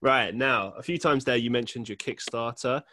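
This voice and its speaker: A man's voice: mid-range voice, moderate pace, pushed and bright, no echo, studio quality. A man hosting a podcast interview, agreeable and laughing along with his guest. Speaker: podcast host. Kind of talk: casual interview chat.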